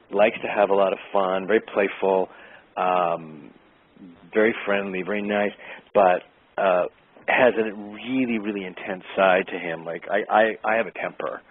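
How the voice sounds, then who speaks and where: A man, an actor, answering interview questions in an easygoing way, pausing often with fillers to find his words. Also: low-pitched, husky. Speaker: actor guest. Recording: tinny phone-like line.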